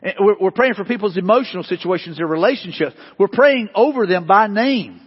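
A man's voice: sits high, animated, a little fast, slightly rough. A man preaching a sermon as pastor, earnest and emphatic, repeating his points. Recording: dull sound with long hall reverb.

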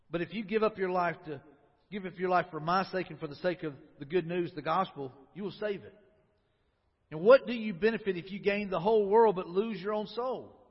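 A man's voice: high voice, breathy edge. A man preaching a sermon as a pastor, talking to the congregation in a conversational way and asking them questions. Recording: lo-fi recording with long hall reverb.

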